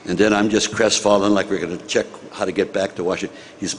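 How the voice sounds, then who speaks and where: An older man from the United States, a former senator, telling an animated story to an audience and acting out the dialogue. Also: fairly low pitch, fast, hardly any pauses, slight background noise. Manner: animated, acts out dialogue, chuckles at own story.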